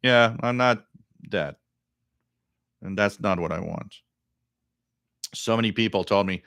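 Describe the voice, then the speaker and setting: A middle-aged man with a deep voice hosting a radio live stream, chatting casually and reading viewer comments, rambling and repeating words. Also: unhurried, vocal fry, pauses often, a bit bright, no room sound, studio quality.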